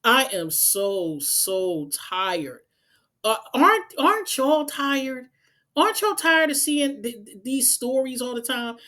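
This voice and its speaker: A woman's voice: sits high, very animated, slow, pushed and bright. A woman talks straight to camera in an unedited commentary vlog. She is exasperated and emphatic, circling back over the same points as she addresses her viewers directly. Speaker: channel host.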